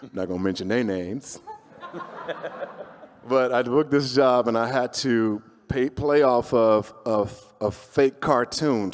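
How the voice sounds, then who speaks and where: Male panelist, lively motivational storyteller, hall reverb. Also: medium pitch. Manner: animated, motivational, jokey. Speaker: voice actor on a panel.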